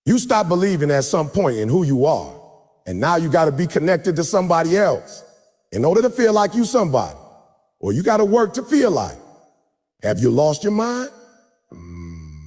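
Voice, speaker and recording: Forceful male motivational speaker with a lively pitch. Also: moderate pace. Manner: preaching call-and-response, leads the crowd in chanting; forceful, repetitive exhortation. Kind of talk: live motivational speech. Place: large hall with an audience. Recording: long hall reverb with faint music.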